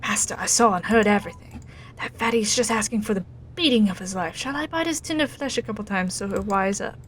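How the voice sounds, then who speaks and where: A woman's voice: medium pitch, brisk, a little hiss or hum, lightly acted. A woman voicing a sly, bloodthirsty female spirit servant in whispered role-play.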